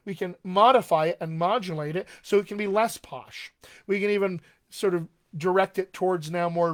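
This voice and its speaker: A man hosting a live question-and-answer stream as a dialect coach, talking casually and encouragingly and often checking in with "all right?". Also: high-pitched. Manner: chatty, encouraging, tags lines with "all right?".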